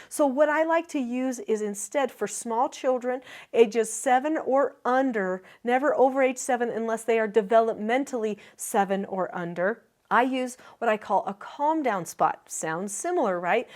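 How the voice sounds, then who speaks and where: A middle-aged woman giving a parenting lesson straight to the camera, explaining in an earnest way and briefly acting out what a parent or child might say. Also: on the high side. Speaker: parenting educator.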